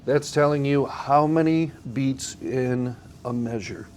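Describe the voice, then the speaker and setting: A man's voice: mid-range voice, takes it slowly, a little mellow. A man teaching a song leading class, patiently explaining beats and emphasis step by step and asking the class questions. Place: church classroom. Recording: faint background noise.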